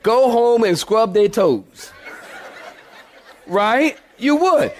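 A man's voice: very high-pitched, expressive, drawn-out words, pauses often, darkish tone. A man preaching a sermon, telling jokey stories and laughing often as he talks to the congregation. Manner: joking storyteller, laughs often, addresses congregation as y'all. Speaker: pastor.

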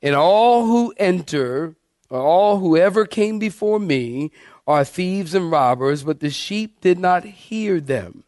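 A man's voice: high voice, expressive, takes it slowly, darkish tone, dry recording, studio quality. A man preaching an expository sermon, reading scripture aloud and calling his congregation saints, with emphatic shifts in pace and volume. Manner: preacher addressing congregation as saints, asking them to follow along. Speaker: pastor.

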